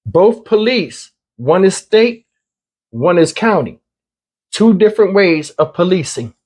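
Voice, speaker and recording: Man, high voice, husky, blunt casual commentary, repeats himself. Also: sing-song, slow pace, darkish tone. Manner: conversational, blunt, repeats points.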